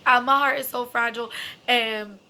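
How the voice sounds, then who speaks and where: A woman's voice: a little high, steady tone, moderate pace, pushed and bright. A young adult woman telling a personal story in a casual, emotional way, swearing freely and filling her talk with "like" and "you know". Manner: emotional, candid, swears freely, heavy fillers.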